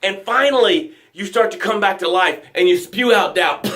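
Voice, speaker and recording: A man hosting a live motivational broadcast, preaching with emphatic, dramatic energy and slowing to near whispers for emphasis. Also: sits high, fairly bright tone. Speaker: motivational show host.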